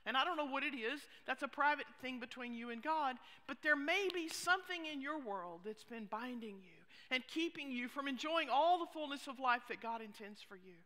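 Bright-voiced woman pastor preaching. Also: high-pitched, moderate pace, hardly any pauses. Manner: expressive preaching, dropping to hushed asides. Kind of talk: sermon. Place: church sanctuary. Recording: long reverb of a church hall.

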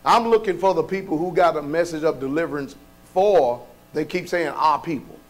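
Pastor, male, high voice, preaching a casual sermon full of rhetorical questions and bursts of shouting. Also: moderate pace. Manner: colloquial, folksy delivery.

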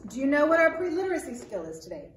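A woman children's librarian leading a storytime, speaking in a gentle, encouraging way. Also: high-pitched, sing-song, fast talker. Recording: echoey room, mic at a distance.

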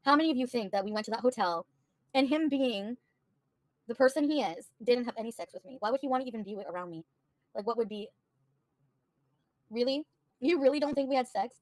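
A woman's voice: fairly high pitch, expressive, a little fast, long pauses, darkish tone, dry recording. A woman livestreaming, bluntly and profanely venting to her chat. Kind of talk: casual livestream rant to chat.

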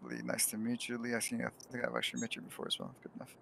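A man's voice: medium pitch, sing-song, racing, vocal fry, bright, forceful tone, slight background noise. Man playing a stiff, formal paramedic. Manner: stiff, formal medical jargon. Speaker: role-play paramedic. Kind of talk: in-character game role-play.

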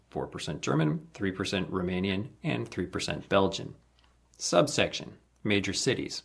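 Gravelly man reading an encyclopedia article. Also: lowish voice, a bit bright. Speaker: volunteer reader.

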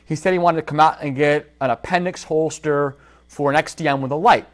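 A holster maker hosts a casual livestream, animatedly telling a story from his workshop and talking directly to his viewers. His voice is fairly high and he speaks a little fast.

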